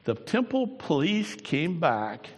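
A man preaching a sermon, swinging between quiet, drawn-out lines and loud, raised bursts. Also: on the high side, very animated. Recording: long hall reverb.

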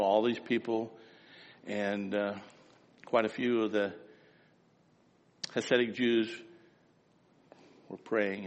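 A man preaching a sermon, telling stories and swinging between loud emphasis and hushed asides. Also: mid-range voice, in a large hall, lo-fi sound. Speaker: pastor.

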